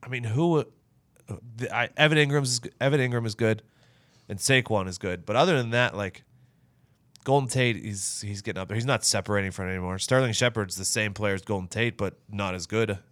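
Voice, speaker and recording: A man co-hosting a casual sports podcast, opinionated and swearing freely, often trailing off quietly at the ends of his points. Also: lowish voice, fairly quick, no echo. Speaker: podcast co-host.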